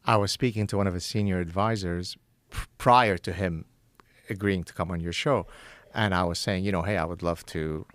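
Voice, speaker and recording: Middle-aged male professor as talk guest, animated and frank, slightly low voice. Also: normal speed, dry recording. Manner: animated, self-correcting, frank. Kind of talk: casual conversation, storytelling.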